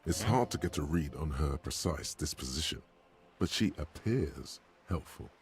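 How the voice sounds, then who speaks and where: An actor voicing a deep, ominous narrator in a video game. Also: male voice, expressive, moderate pace, slight background noise. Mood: dry. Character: deep omniscient inner-voice narrator, man. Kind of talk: game voice acting.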